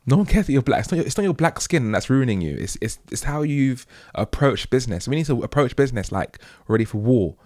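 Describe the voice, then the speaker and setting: A man from the UK hosting his own show, delivering an emphatic, preachy monologue that keeps checking in with "okay?" and jumps higher and louder on key points. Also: dry recording, clean studio sound. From United Kingdom. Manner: rising to loud high emphasis on key points. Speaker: host. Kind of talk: opinionated monologue.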